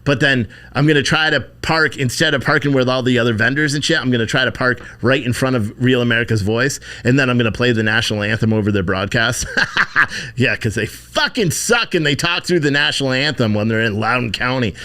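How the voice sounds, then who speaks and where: A man's voice: mid-range voice, a little fast, sharp tone. Profane, rambling male livestream host. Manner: profane, rambling, thanks donors by name. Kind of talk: casual live-stream chat with viewers.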